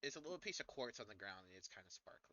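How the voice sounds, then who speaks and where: A man's voice: medium pitch, sing-song, very fast, sharp tone, muffled recording. A man running a tabletop game as game master, wry and teasing with his players.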